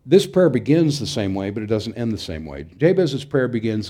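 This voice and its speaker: A man's voice: medium pitch, very animated, moderate pace, hardly any pauses, mellow. A middle-aged man preaching a sermon in an earnest, emphatic way, sometimes restarting his phrases. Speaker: pastor.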